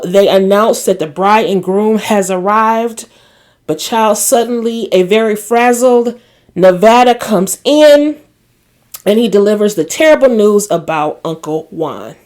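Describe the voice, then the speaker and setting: A woman with a fairly high voice talks through a TV drama episode as a casual vlog recap. She is chatty and opinionated, drops exclamations like "child," and slips into voicing the characters as she retells their lines. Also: a little mellow. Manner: voices quoted characters while retelling scenes. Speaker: recap vlogger.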